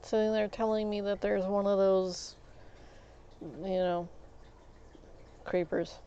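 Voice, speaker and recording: A woman's voice: mid-range voice, fairly even intonation, slow pace, warm tone, dull audio, slight background noise. A woman streamer giving casual gameplay commentary, venting in exasperation and restarting her words as she talks. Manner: exasperated venting, stammering restarts, mild swearing.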